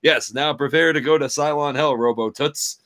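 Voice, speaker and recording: A man's voice: on the high side, moderate pace, fairly bright tone, pitched above the performer's own voice. A man voicing a boastful, pompous macho hero in stilted, grand declamations.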